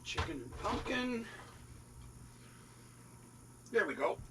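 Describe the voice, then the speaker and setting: A man's voice: high voice, big pitch swings, slow, background noise. A man in his sixties chatting casually in a rambling way while cooking in his RV kitchen, talking to his cats now and then. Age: 60s. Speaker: RV vlogger. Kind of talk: casual cooking vlog chat.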